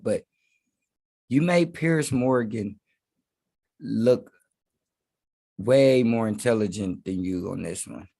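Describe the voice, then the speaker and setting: A man talks casually to camera in a reaction video, rambling in slang and repeating "bro." His voice sits at a middling pitch. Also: a little mellow. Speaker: reaction commentator.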